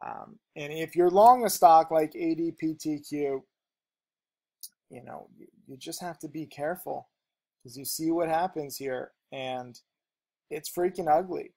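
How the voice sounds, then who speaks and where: Fast-talking, higher-voiced man teaching trading. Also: creaky, warm tone. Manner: rapid, rambling, with many fillers and restarts. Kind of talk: casual unscripted trading lesson.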